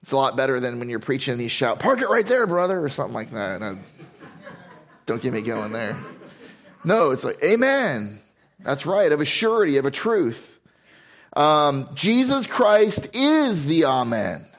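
A male pastor preaching a Bible sermon, slowing down to stress key phrases and mixing in casual, humorous asides. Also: mid-range voice, very animated.

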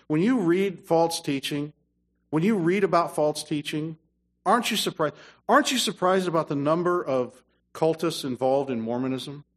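A man preaches a sermon from the pulpit. His voice sits a little high for a man. He drops into low, quick asides, then climbs to loud, emphatic stretches of scripture. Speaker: pastor.

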